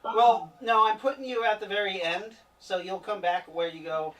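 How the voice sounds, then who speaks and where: A man's voice: sits high, steady tone, normal speed, fairly bright tone. Teasing middle-aged male game master. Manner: joking, teasing, easygoing. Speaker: game master and stream host. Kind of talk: casual chat running a streamed tabletop game. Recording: distant mic with faint noise.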